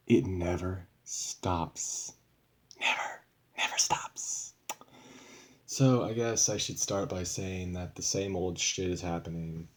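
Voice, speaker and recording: A young man talks straight to his camera in a loose, rambling vlog, swearing often and sounding fed up. His voice sits fairly low for a man. He restarts sentences and piles on asides as he vents. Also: dark tone. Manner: rambling, profane, frustrated. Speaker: vlogger. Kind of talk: casual venting vlog.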